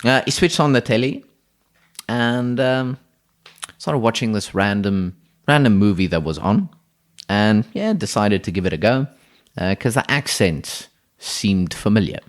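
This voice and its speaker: A man's voice: fairly low pitch, animated, a little slow. A man, co-hosting a podcast and telling an improvised story in a rambling way, often restarting his sentences. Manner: rambling, restarts, frequent laughter.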